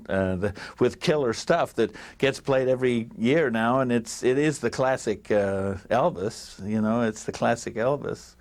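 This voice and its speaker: Older man telling lively anecdotes. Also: mid-range voice. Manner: animated, laughing, acting out quotes. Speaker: interviewee, writer on a TV special. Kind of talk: anecdotal interview storytelling.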